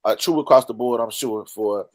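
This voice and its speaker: A man speaking in a measured, hesitant, thoughtful way in a casual group conversation. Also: medium pitch. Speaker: fraternity brother in a panel talk. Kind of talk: casual chat.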